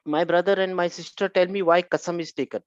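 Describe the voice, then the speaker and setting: A man's voice: sits high, fairly even intonation, fast talker, no echo. Man, grammar teacher, online class, muffled dry sound. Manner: questioning students, repeats phrases, mixes in Urdu.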